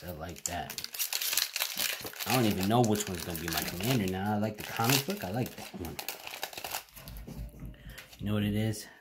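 Deep-voiced man hyping card pulls. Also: very noisy. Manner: excitable, chatty, talks straight to viewers. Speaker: card-opening channel host. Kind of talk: casual card-opening vlog. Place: home. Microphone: home camera setup.

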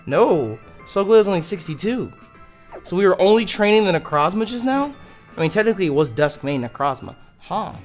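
Give me a man commentating his gameplay in a lively, exasperated way, with faint background music. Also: high voice, a little fast. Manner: animated, exasperated, swears freely. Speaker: let's play host.

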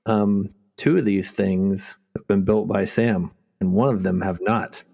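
A man's voice: on the low side, measured pace, gravelly, dark tone. A man co-hosting a podcast, chatting casually with dry teasing. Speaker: podcast co-host.

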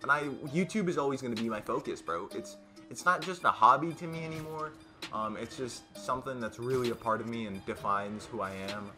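Teen boy YouTuber, rambling casual storyteller who gets loud when quoting friends; mid-range voice over background music. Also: medium pitch, a little fast. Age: teens.

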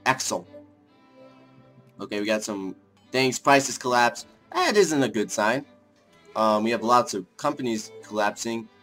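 A young man casually commenting on a strategy game as he plays, thinking aloud, rambling and breaking into excited outbursts, with faint music behind him. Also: fairly low pitch. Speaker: let's play gamer.

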